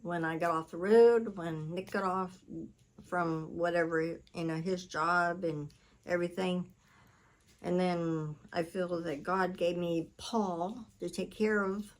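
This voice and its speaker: Slow, low-voiced woman rambling through a story. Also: steady tone, rough recording. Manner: rambling, corrects herself mid-sentence; blunt, salty wording. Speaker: channel host. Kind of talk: casual storytelling chat while cooking.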